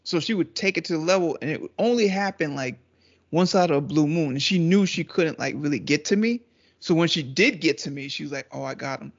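Joking laid-back man, slightly high voice. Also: fairly quick, breathy edge. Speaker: co-host. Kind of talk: casual podcast chat. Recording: dull lo-fi sound.

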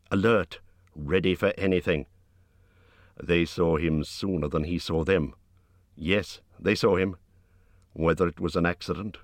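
In a measured, expressive storytelling style, a man narrates an audiobook. His voice sits low, and the recording is dry.

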